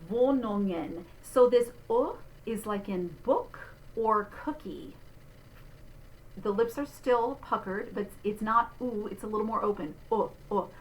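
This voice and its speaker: A middle-aged woman, a vocal instructor giving a clear, patient pronunciation lesson with spoken demonstrations. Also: fairly high pitch, a little slow, poor audio. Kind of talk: diction lesson.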